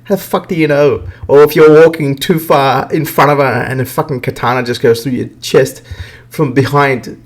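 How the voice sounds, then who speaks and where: A man holds forth on video games in a loose, off-the-cuff podcast rant. He swears constantly and speaks bluntly, at an ordinary middle pitch for a man. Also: steady tone, moderate pace. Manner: profane, blunt, ranting. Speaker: podcast host. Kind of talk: casual gaming rant.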